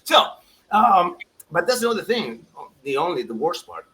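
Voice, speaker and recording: A man co-hosting a soccer show in a casual, animated chat, laughing often and restarting his sentences. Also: high-pitched, moderate pace, slight background noise, low-quality recording.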